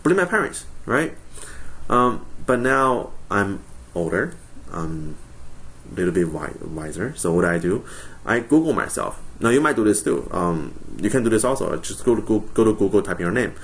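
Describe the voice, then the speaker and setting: Young man, low voice, friendly joking teacher recording a course intro, faint background hiss. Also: sing-song, moderate pace. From China. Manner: friendly, jokey, frequent ums and self-corrections. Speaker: college instructor.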